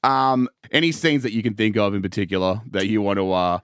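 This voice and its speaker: A man with an Australian accent, hosting a podcast in casual chat, animated and laughing often. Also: fairly low pitch, a little fast, clear, resonant tone, dry recording, studio quality. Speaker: podcast host.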